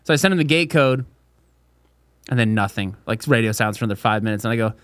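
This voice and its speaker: A man's voice: lowish voice, lively intonation, fast talker, a bit bright, clean tone, no echo, clean studio sound. A young man hosting a casual podcast, telling crude, rowdy stories and mimicking voices. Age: young adult. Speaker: podcast host.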